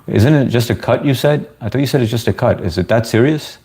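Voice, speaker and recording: A man's voice: medium pitch, brisk, darkish tone. A man from the US chatting casually with viewers on a livestream, laid-back and talkative. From United States. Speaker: live streamer answering chat.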